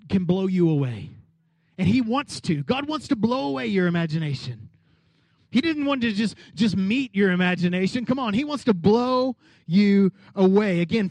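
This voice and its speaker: In a notably high voice, a pastor preaches with energy, using call-and-response to have his listeners repeat his words and acting out the people in his story. The sound is close and dry, without room echo.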